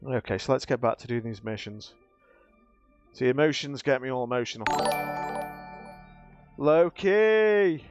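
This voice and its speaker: A man's voice: mid-range voice, fairly even intonation, brisk. A man live-streaming a game, chatting casually and emotionally with his viewers, rambling and restarting as he thanks them. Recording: dull lo-fi stream audio with faint music.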